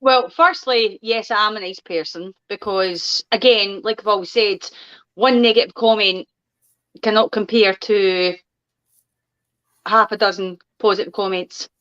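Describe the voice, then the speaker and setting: A woman's voice: mid-range voice, measured pace, fairly bright tone, clear, resonant tone, highs cut off. A woman appearing as a guest on a chat show, firmly answering criticism with a string of rhetorical questions. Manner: firm, defends herself with rhetorical questions.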